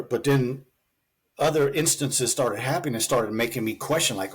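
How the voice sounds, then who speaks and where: A man's voice: mid-range voice, moderate pace, slightly rough. A man, a physician guest on a talk show, telling his story in a loose, chatty way with many fillers. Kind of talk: conversational storytelling interview.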